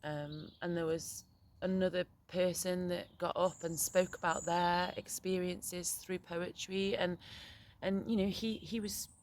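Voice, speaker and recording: A young woman speaks straight to camera in a candid, unguarded monologue. Her voice sits a little low, and she swears freely, stopping and restarting her sentences as she goes. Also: fairly even intonation, measured pace. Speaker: poet and vlogger. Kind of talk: emotional casual monologue.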